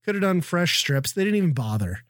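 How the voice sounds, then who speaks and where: A man's voice: sits high, big pitch swings, a little fast, dry recording, studio quality. A middle-aged man from the Midwest telling a profane, exasperated story in casual chat. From American Midwest.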